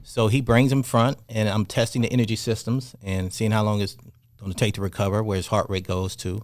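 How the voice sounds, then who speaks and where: A man, a boxing fitness coach, telling stories on a podcast in an animated, passionate way. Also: lowish voice, a little fast, no room sound. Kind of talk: casual podcast storytelling.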